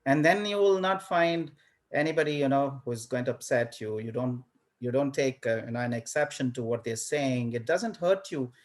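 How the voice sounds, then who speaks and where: A man's voice: mid-range voice, normal speed. A man teaching a university class in a casual lecture style, telling stories animatedly and acting out his own reactions, often repeating words as he starts a thought. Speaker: university professor.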